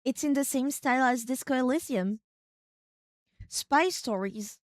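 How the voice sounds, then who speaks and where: A woman streaming a video game, chatting casually, thinking aloud in a rambling way with sudden excited outbursts. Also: sits high, measured pace, no echo, clean studio sound.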